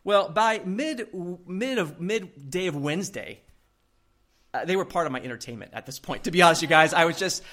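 A male pastor preaching a sermon, telling a story in an animated way and laughing often. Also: fairly high pitch, moderate pace.

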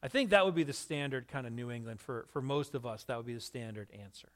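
A man preaching a sermon, telling a story in an animated way and asking his listeners questions. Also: medium pitch, fast talker. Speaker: pastor.

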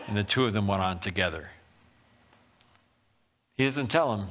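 A male pastor delivers a sermon with a bright, forceful tone. He retells the story vividly, slipping into the characters' voices as he goes. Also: on the low side, normal speed, pauses often. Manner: animated storytelling, acting out voices.

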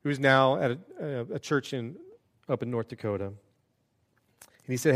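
A man's voice: mid-range voice, normal speed, long pauses, a bit bright. A man preaching a sermon as a pastor, earnest and conversational, with self-deprecating asides.

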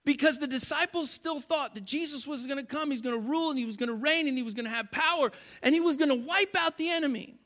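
A pastor preaching to a congregation from a church stage, swinging between loud, animated passages and hushed, quiet ones. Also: male voice, very high-pitched, fast talker, few pauses. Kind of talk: sermon.

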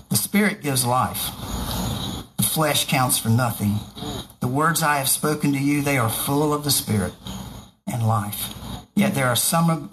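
A man's voice: mid-range voice, low-quality recording. A man reading a Bible passage aloud and breaking off for informal, joking commentary. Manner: reads scripture aloud and breaks off for joking asides. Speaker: preacher.

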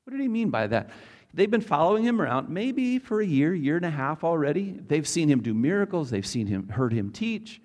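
A man's voice: on the high side, sing-song, fairly quick, a little mellow. A man preaching a casual, conversational Bible teaching, asking his audience questions as he goes.

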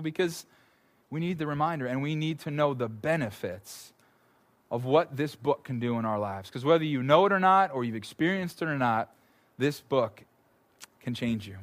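A male pastor preaching a conversational, animated sermon, often repeating words as he goes. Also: a little high.

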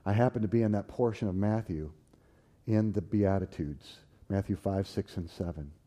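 Low, mellow-voiced man preaching a testimony. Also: moderate pace. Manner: animated, swinging from loud bursts to hushed, tearful tones. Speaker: preacher giving a personal testimony. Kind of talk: sermon storytelling.

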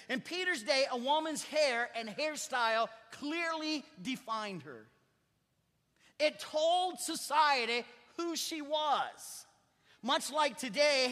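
A pastor preaching from the pulpit, talking to the congregation like a conversation and then leaning hard on the words that matter. His voice sits very high and sounds bright and cutting. The sanctuary adds a long trailing reverb. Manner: conversational preaching with emphatic rising stresses. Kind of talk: sermon. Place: church sanctuary. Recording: church hall reverb.

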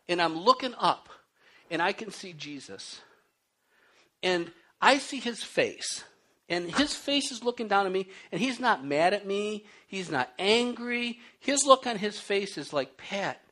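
A man preaching a sermon, with a voice that swoops widely up and down. He tells of his own life with animated storytelling, acting out his pleas with rising intensity. He then reads scripture aloud and explains it verse by verse. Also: high voice. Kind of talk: sermon with personal testimony.

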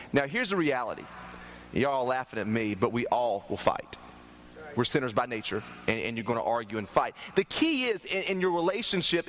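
A man's voice: a little high, slight background noise. A young man from North Carolina, preaching a sermon in a church, telling jokes and asking the congregation to respond. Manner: lively, joking storyteller, asks the congregation to respond. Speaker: pastor.

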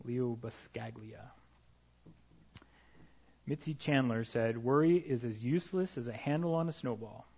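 Male preacher, mid-pitched, earnest sermon delivery, dull lo-fi recording. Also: a little slow, creaky, pauses often, husky. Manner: earnest, reads scripture aloud, light asides.

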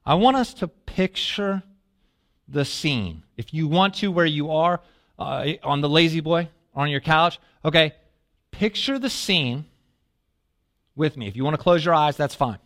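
A man preaching a sermon as a pastor, telling a story with lively asides and questions to the listeners, dropping to a hush when quoting prayers. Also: on the high side, a little slow. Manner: animated storytelling, asks the congregation questions.

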